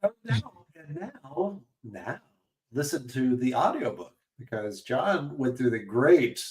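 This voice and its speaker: A man co-hosting a podcast in casual chat, animated and self-mocking, often trailing off mid-sentence. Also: medium pitch, takes it slowly, distant mic. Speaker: podcast co-host.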